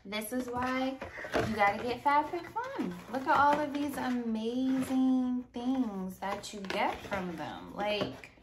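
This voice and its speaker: A woman chatting through an unboxing, unhurried and drawn out, with a gushing, excitable way of repeating how cute everything is. Clear background noise runs under her voice. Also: fairly high pitch. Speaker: unboxing vlogger. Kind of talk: casual unboxing chat.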